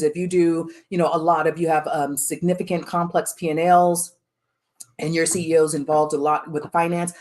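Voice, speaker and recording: A middle-aged woman giving a live workshop talk, frank and emphatic, with many fillers and restarts. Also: low voice. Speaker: workshop speaker on the chief of staff role.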